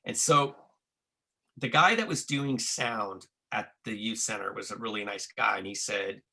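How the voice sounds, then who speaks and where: Man, casual storytelling, frequent restarts, swearing, bright tone. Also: on the low side, a little slow, gravelly. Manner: profane, restarts a lot, acts out quotes. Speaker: guest telling a tour story.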